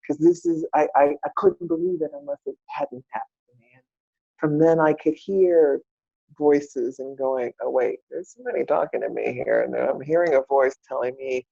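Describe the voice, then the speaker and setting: A woman's voice: sits low, moderate pace, gravelly, warm tone, husky, no room sound. A woman guest on a podcast, telling her personal story candidly and acting out her own past words. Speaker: podcast guest, spiritual mentor. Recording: dull, dry lo-fi podcast audio.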